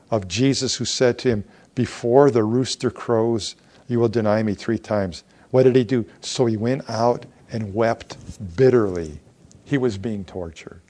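A man's voice: medium pitch, darkish tone. A man preaching a sermon, reading scripture aloud, acting out the voices of the figures and asking the listeners questions. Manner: asks the congregation questions. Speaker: pastor.

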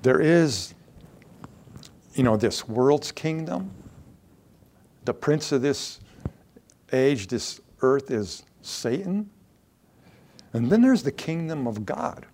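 A man's voice: medium pitch, expressive, slow pace, long pauses, a little mellow. A man preaching a conversational sermon to a congregation, growing emphatic when he acts out quoted lines.

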